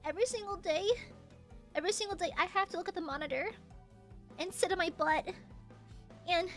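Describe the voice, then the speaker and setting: A woman streamer in casual livestream chat, reading donations with melodramatic mock suffering and yelling at her chat. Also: extremely high pitch, fairly quick, faint music behind.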